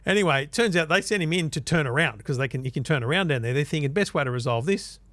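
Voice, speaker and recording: An Australian man co-hosting a podcast, telling a story in casual chat and acting out quotes with animated bursts. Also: a little high, quick pace, no echo. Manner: animated, acts out quotes loudly. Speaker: podcast co-host.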